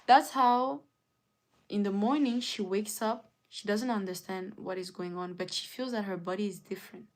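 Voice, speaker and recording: A woman at an ordinary middle pitch, talking loosely to her live chat. She strings the story together with lots of "like" and "and then", and slips in quick lines for each side as she retells it. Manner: rambling retelling, acts out both sides with "she's like". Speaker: streamer.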